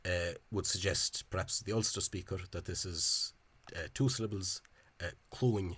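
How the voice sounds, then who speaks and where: A man giving an informal spoken lecture over on-screen examples. He talks in a halting, hesitant way and is openly scornful of the official spelling. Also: low voice, fairly bright tone, slightly rough. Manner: hesitant and halting, with frequent pauses and restarts. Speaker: language enthusiast presenting a video lecture.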